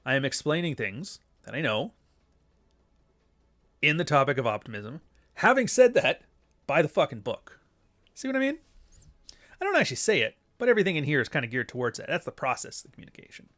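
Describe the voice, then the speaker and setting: A man's voice: big pitch swings, brisk, long pauses, sharp tone. A middle-aged man with a Canadian accent and a nasal voice, talking bluntly and crudely in a casual podcast monologue. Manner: blunt, crude and sardonic, with sudden high-pitched outbursts. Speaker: podcast host.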